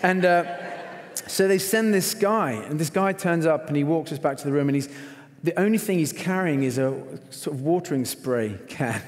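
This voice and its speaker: A man's voice: a little high, moderate pace. A middle-aged man, preaching at a conference and telling a story with lots of acted-out lines. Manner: animated storyteller, acts out quotes with shouts. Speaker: conference speaker. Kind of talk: sermon with a told story. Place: large performing arts hall. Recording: long hall reverb.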